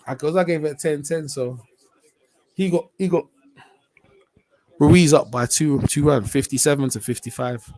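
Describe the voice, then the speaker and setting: Speaking fairly quickly in a slightly high voice, this stream host gives loose, slang-packed live commentary on a boxing fight. He chats along and breaks into excited shouts whenever big punches land.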